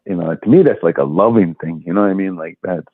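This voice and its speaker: A man's voice: sits low, quick pace, dry recording. A man speaking as a guest in a casual interview, easygoing and rambling, with plenty of fillers. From Leech Lake, Minnesota. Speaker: guest comedian. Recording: tinny phone-like call line.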